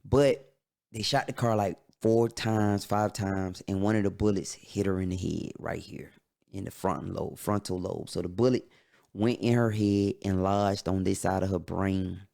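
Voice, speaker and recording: A man tells a personal story on his podcast. His voice is low with a gravelly edge. He talks in a candid, halting way, with many pauses. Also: fairly even intonation, a little mellow. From Atlanta, USA. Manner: candid, halting, emotional retelling. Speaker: podcast host.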